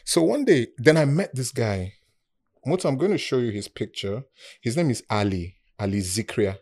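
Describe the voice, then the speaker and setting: A man's voice: mid-range voice, normal speed. A man with a Nigerian accent telling stories in a casual chat, acting out other people's voices and laughing often. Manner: animated, acts out quoted voices, laughs often. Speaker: guest storyteller.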